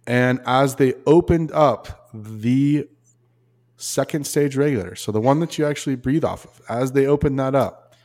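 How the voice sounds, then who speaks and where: A man hosting a podcast, telling stories in a relaxed, rambling way. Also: medium pitch, normal speed. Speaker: podcast host. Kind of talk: casual storytelling chat.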